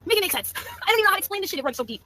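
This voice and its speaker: A woman's voice: very high-pitched, big pitch swings, racing, pushed and bright, no room sound. A woman making mocking accusations in a piece of online commentary.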